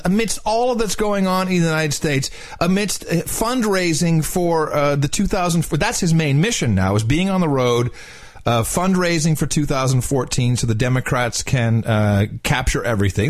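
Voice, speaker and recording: A man's voice: on the high side, animated, moderate pace. A male host chatting casually about politics in a rambling, sarcastic way. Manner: rambling, sarcastic, laughs often.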